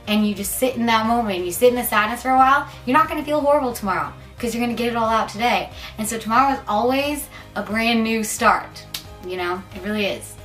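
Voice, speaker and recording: A woman's voice: a little high, quick pace, fairly bright tone. A young woman speaks sincerely and a little self-deprecatingly as she gives advice to the camera. Faint music plays underneath. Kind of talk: casual advice talk to camera.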